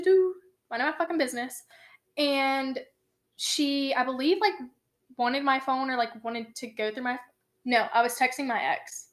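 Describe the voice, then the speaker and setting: High-pitched young woman, animated and profane. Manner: animated, profane, acts out quoted lines. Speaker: podcast co-host. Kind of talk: casual storytelling chat.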